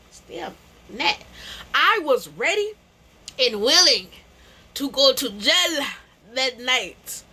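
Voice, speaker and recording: Animated bright-voiced young woman vlogger. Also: high-pitched. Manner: emphatic, slangy, repeats phrases, says bro. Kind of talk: animated storytime.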